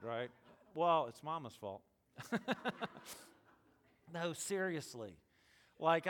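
A middle-aged man preaching a sermon in a conversational, storytelling way, swinging from loud bursts to hushed tones. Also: fairly high pitch. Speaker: pastor.

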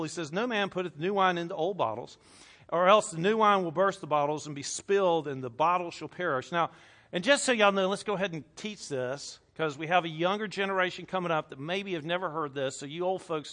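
A man's voice: a little high, a little fast, fairly bright tone. A man preaching a sermon, reading scripture aloud with emphasis and asking the congregation questions. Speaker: pastor.

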